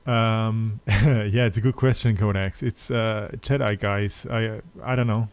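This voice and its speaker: A man's voice: fairly low pitch, steady tone, unhurried. A man with a German accent hosting a podcast in casual chat, hesitant with many fillers and restarts. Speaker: podcast host.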